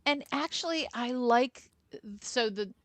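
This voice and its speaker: A woman's voice: high voice, takes it slowly, a bit bright, dry recording. A woman co-hosting a film podcast, giving her opinions in long explanations during a casual chat.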